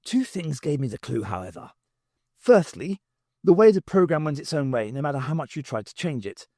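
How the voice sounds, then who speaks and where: A man's voice: a little high, very animated, brisk, dark tone, no echo, clean studio sound. A man doing an impatient, lecturing time traveller. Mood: urgent lecturing. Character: impatient, grave, ancient male time traveller.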